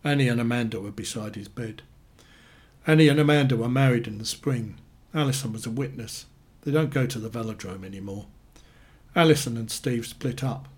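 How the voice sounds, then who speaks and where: A man reading short stories aloud in a dry, deadpan way. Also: medium pitch, brisk, breathy edge. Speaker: narrator.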